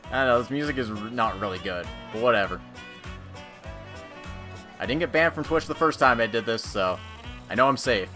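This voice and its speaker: Joking, bright-voiced male streamer. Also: medium pitch, lively intonation, a little fast, long pauses, soft background music. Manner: joking, irreverent, swears freely. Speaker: let's play streamer. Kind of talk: casual game commentary.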